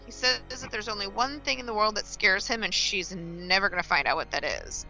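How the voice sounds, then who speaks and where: A woman's voice: medium pitch, brisk, sharp tone, faint music behind, rough recording. A woman guesting on a casual podcast, recapping TV scenes with wry jokes and playful quoted voices.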